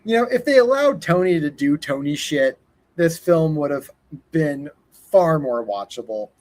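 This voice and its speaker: A man co-hosting a casual horror movie review, talking in halting restarts with wry humor. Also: a little high, lively intonation, darkish tone. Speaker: podcast co-host.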